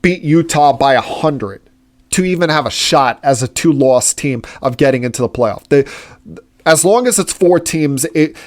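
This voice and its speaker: A man's voice: fairly high pitch, animated, moderate pace. A man hosting a solo sports-talk podcast, giving opinionated, indignant commentary with frequent filler words. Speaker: podcast host.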